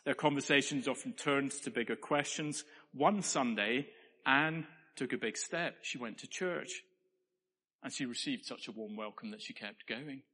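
A man's voice: mid-range voice, moderate pace, sharp tone. Man preaching in a reverberant church. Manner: earnest, conversational, playful asides. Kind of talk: sermon.

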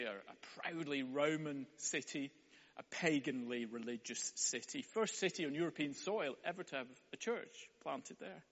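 A man's voice: medium pitch, a bit bright. A man preaching a sermon in a wry, conversational way. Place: church hall. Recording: echoey hall, dull sound.

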